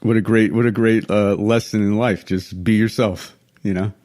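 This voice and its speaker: A man's voice: fairly low pitch, fairly even intonation, normal speed, darkish tone, no echo, studio quality. A man hosting a podcast, asking hesitant questions in casual chat with many fillers. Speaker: podcast host.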